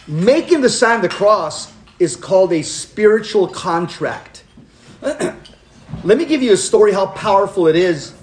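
An older man giving a lively sermon as preacher and radio host, telling stories and acting out the voices in them. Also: high-pitched, measured pace. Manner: animated, acts out quoted voices. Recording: echoey room with faint noise.

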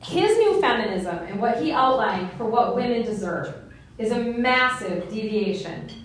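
A woman in her forties telling a story to a live audience, animated and given to laughing. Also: a little high, measured pace. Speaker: speaker. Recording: echoey room from far off.

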